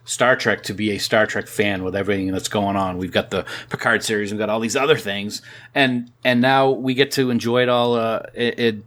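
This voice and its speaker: A man's voice: lowish voice, steady tone, fairly quick, fairly bright tone. A chatty man in his forties co-hosts a podcast with a New England accent. He talks in loose, rambling sentences and trips over his own words. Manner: chatty, self-deprecating, stumbles over words. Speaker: podcast co-host. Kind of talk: casual chat.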